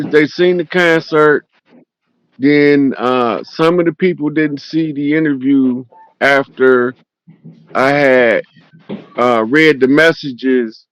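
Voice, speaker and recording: A man's voice: medium pitch, slow pace, poor audio. A man, a livestream guest who explains spiritual lore in an instructive way. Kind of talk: casual livestream chat.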